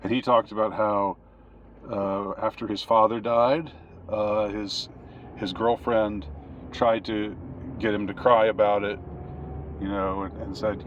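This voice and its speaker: A man speaking in a casual monologue from a car, halting and rambling with many restarts. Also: on the low side. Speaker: commentator. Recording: dull lo-fi with steady noise.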